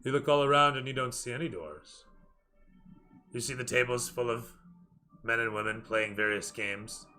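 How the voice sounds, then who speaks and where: A man's voice: mid-range voice, normal speed, pauses often, bright, forceful tone, faint music behind. A man narrating a tabletop role-playing game as dungeon master, describing scenes cinematically to his players.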